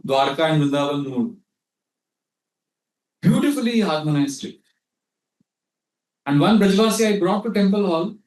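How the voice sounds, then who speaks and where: A man with an Indian accent giving a scriptural lecture, telling anecdotes and acting out quotes, mixing in Hindi. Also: high-pitched. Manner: storytelling, mixes in Hindi, acts out quotes. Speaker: spiritual teacher. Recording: echoey hall, mic at a distance.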